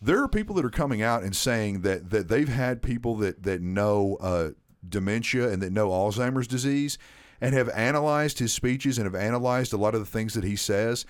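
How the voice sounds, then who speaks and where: Animated swearing man telling a story. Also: on the low side, normal speed. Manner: animated, swearing, acts out quotes. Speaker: podcast co-host. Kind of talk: casual storytelling chat.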